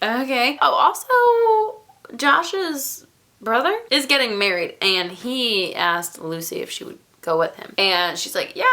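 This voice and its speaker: A young woman talks through a book review in a loose, rambling way, tossing in jokey asides. Her voice is bright and lively and swoops up and down as she goes. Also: medium pitch. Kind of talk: casual book review vlog.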